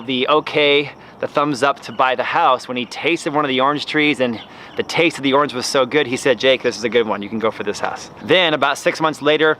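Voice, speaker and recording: A man hosting a gardening vlog, telling a story in a chatty, animated way while standing in his front yard. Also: mid-range voice, slight background noise. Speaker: gardening channel host.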